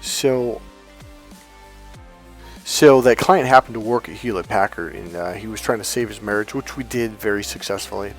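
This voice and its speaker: Over soft background music, a man who works as a dating coach rambles through a casual personal story, cursing freely, fixing his own words along the way and performing old conversations. He speaks at a moderate pace in a lowish voice.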